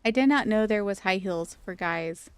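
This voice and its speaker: Smooth-voiced woman teasing her stream chat. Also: medium pitch, normal speed, no echo. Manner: playful, teasing, laughs often. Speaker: gaming streamer. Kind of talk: casual live-stream chatter with chat.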